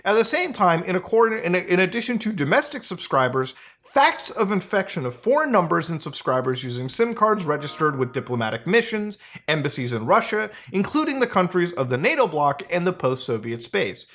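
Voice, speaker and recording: A man hosting a casual commentary video, blunt and sarcastic, swearing freely and jumping up in pitch for emphasis. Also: sing-song, brisk, a bit bright. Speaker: host.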